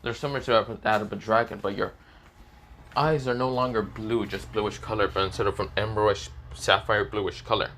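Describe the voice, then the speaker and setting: A man voicing a calm, possessive young woman, in his own plain voice, in a fan story reading. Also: on the low side, normal speed, a little hiss or hum. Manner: calm, hesitant.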